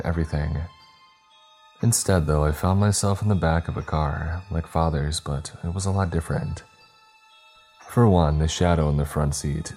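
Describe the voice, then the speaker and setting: A man narrates a first-person story in a measured, dramatic way. His voice is extremely deep and dark in tone. Faint music plays behind him. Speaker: audiobook narrator.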